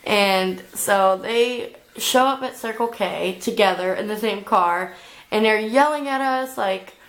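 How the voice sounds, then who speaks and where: Young adult woman, vlogger, slow rambling storyteller, mid pitch, heavy on "like.". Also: poor audio. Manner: rambling, many filler "like"s. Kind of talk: storytime vlog.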